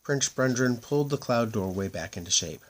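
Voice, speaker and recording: A man reading a children's story aloud in a gentle, expressive way. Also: medium pitch, moderate pace. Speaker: narrator.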